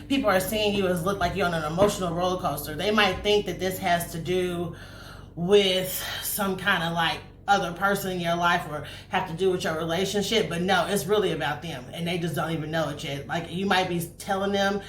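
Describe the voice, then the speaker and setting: A woman giving a casual tarot reading to camera, chatty and animated, swearing freely and acting out spirit messages. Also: on the low side, fairly quick. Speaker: tarot reader. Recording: echoey room, faint noise.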